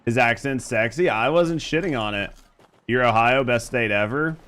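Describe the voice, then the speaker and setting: A man with a Southern US accent streams a game and chats casually with viewers, joking and swearing freely. His voice is medium-pitched and fairly bright, at a normal speed.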